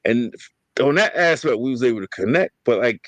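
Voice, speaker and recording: A man hosts a podcast and tells family stories in lively, slangy talk with plenty of swearing. His voice sits at an ordinary pitch, and the room is dry with no echo. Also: brisk. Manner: animated storytelling, slangy and profane. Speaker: podcast host. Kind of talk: casual family storytelling.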